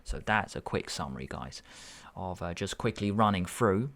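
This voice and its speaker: A man's voice: low voice, animated, a bit bright. A man tutoring, working through a verbal reasoning test paper aloud and musing over each answer. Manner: musing, unhurried, self-correcting.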